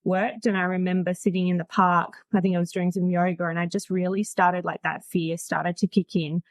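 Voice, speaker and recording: A woman's voice: on the low side, flat delivery, a little fast, no echo. A woman in her forties, a podcast guest, telling her story in a chatty, frank way and laughing easily. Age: 40s. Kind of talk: casual storytelling.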